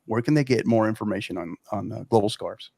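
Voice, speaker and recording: A man's voice: fairly low pitch, quick pace, creaky, darkish tone, dry recording, clean studio sound. A man hosting a podcast in a friendly, upbeat, joking way. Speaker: podcast host. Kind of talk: casual podcast chat.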